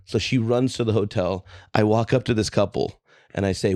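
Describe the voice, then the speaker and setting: Lower-pitched man, lively storyteller, giggles mid-story, dry close mic. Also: normal speed, no echo. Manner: animated anecdotes, laughing through them. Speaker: guest comedian. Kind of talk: casual podcast chat, storytelling.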